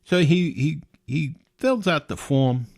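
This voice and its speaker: A man's voice: on the high side, animated, takes it slowly, gravelly, a little mellow. A man hosting a podcast, talking emphatically in a casual monologue, with rhetorical questions and repeated words. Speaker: podcast host.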